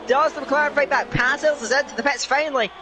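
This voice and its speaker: Man, race commentator, very high-pitched voice, excitable play-by-play, noisy stream audio. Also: fairly quick. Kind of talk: live sim racing commentary.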